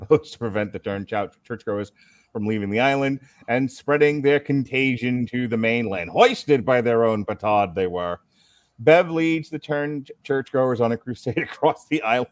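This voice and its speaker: A man's voice: mid-range voice, no room sound, clean studio sound. A man hosting a podcast, reading a plot recap aloud and breaking off with wry, sarcastic asides. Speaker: podcast host.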